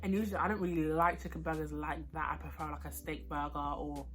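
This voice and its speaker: A woman's voice: low voice, fast talker, soft background music. A young woman, chatting casually while eating and reviewing food and a film. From United Kingdom. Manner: chatty, excitable, slangy, eating while talking. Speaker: vlogger. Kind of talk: casual mukbang chat and review.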